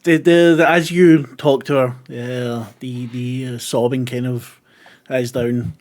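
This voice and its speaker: A man's voice: medium pitch, fairly even intonation, slow pace, a little mellow. A man narrating as game master of a tabletop horror game, casual, laughing and swearing.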